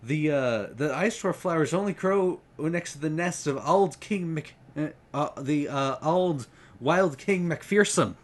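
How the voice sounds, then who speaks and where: Highland-brogued falcon father, excitable and loud, voiced by a man reading a book aloud, pitched up. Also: a little slow. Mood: alarmed. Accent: Scottish Highland.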